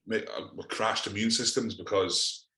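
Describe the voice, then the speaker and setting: Deep, bright-toned Scottish man in a roomy space. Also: steady tone, moderate pace. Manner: sweary, exasperated, rambling. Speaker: podcast co-host. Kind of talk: casual chat.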